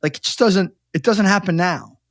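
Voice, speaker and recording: A man's voice: sits high, moderate pace, fairly bright tone, dry recording, studio quality. A man hosting a podcast interview, who affirms his guest and draws motivational lessons from the story. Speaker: podcast host, mental performance coach. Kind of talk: interview conversation.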